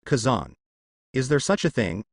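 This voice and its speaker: A man's synthetic voice playing a calm, cold young swordsman speaking in a measured way. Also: mid-range voice, no room sound, clean studio sound.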